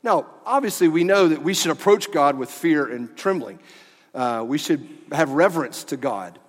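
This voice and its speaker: A man preaching a sermon as pastor of a church, animated and at times dropping to quiet emphasis. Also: a little high, normal speed. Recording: long church hall reverb.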